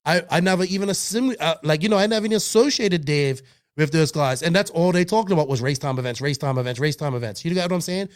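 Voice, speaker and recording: Male co-host, a bit high-pitched, worked-up, profane and emphatic. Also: fast. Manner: heated, emphatic and profane, with restarts. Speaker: podcast co-host. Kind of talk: casual podcast chat.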